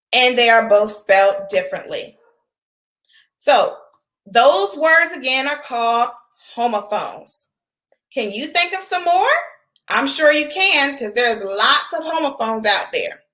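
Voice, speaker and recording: A woman's voice: high voice, sharp tone. A woman teacher giving an online literacy lesson to young children, asking questions and answering them herself in an encouraging way.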